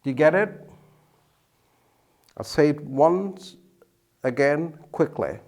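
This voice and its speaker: A male teacher explains grammar slowly and deliberately, repeating key words. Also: on the high side, expressive, a little mellow. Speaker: English teacher. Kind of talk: explaining at a whiteboard.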